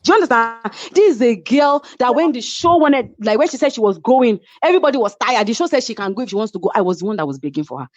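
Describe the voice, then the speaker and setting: High, lively Nigerian woman, heated storyteller. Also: fast talker, few pauses, dry recording. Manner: animated, heated, mixes in Yoruba phrases. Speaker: reality show cast member. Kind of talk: casual storytelling chat. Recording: slightly muffled lo-fi sound.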